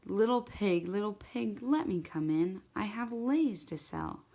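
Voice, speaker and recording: A woman's voice: mid-range voice, lively intonation, a little slow, warm tone, voice pushed up. A woman voicing a hungry, scheming male magic shark in a storybook tale, sweet-talking through a door and threatening. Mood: coaxing sweetly. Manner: sweet-talking disguise, then angry threats.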